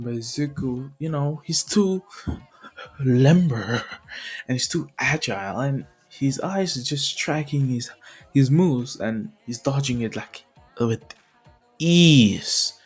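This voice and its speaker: A man casually retells a fan story at an unhurried pace, rambling and dropping fillers as he goes. His voice sits at a middling pitch, with faint music in the background. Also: slightly rough. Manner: rambling, full of fillers and laughs.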